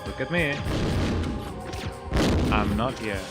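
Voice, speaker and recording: A man streaming a video game, giving relaxed, rambling commentary with joking asides. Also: on the low side, slow. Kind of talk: casual gameplay commentary. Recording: game capture with loud music. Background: game music and sounds.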